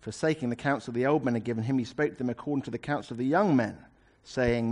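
A man's voice: mid-range voice, fast talker, hardly any pauses, darkish tone. A man preaching a sermon, explaining a scripture passage in a conversational way with wry asides.

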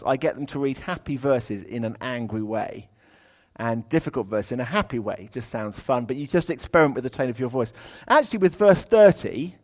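A man delivers a sermon in an easygoing, conversational way. His voice sits at a middling pitch, and he turns lively and expressive whenever he reads from the text. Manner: chatty, humorous, animated when reading aloud. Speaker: preacher.

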